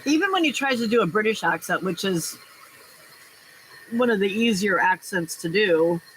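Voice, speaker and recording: A woman hosting a casual live crafting stream, chatty and quick to laugh as she reads out viewer comments. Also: medium pitch, animated, a bit bright, a little hiss or hum, poor audio.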